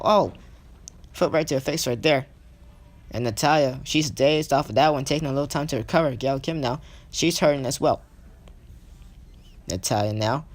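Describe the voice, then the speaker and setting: Young male gaming commentator, slightly high voice, hesitant and self-correcting as he calls the action. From not British. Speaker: play-by-play commentator for his own video game series. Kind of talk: casual solo game commentary.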